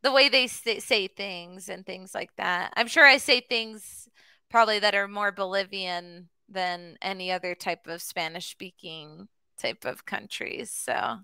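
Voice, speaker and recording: A woman from the US chats with a student on a video call, her voice bright and very clear. She talks in a friendly, easygoing way with plenty of fillers. The sound is dry and close. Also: medium pitch, unhurried, no room sound. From United States. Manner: friendly, chatty, many fillers. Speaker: online English tutor. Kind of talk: casual conversation class.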